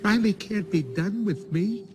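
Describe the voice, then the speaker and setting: Bing Bong, a wailing childlike imaginary friend. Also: male voice, high-pitched, lively intonation, measured pace, music in the background. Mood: distraught. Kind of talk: animated film dialogue. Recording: film clip with loud score.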